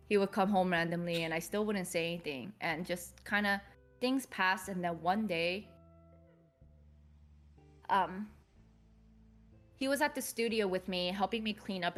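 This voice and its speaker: Calm low-voiced woman telling her story. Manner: calm, measured, reflective retelling. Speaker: podcast guest. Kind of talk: personal storytelling in a podcast interview.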